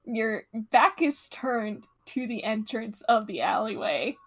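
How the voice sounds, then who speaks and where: A woman's voice: a little high, lively intonation, slow pace. A woman narrating a tabletop game as game master, casual and laughing, with many fillers.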